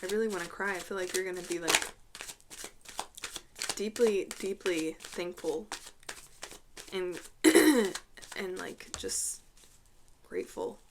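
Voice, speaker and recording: Slow, halting woman giving a tarot reading. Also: fairly low pitch, background noise. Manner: halting, with repeated words and throat clearing; soft, hushed drops when naming cards. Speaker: tarot reader. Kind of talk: intuitive tarot reading to camera.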